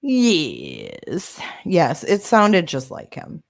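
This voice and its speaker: A woman with a lowish voice that swings up and down a lot, hosting a casual livestream and replying to viewers. She talks in a sarcastic, defensive way, and her voice sounds dry and close with no room echo. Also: huge pitch swings, drawn-out words, creaky. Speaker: livestream host. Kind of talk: casual livestream chat reading comments.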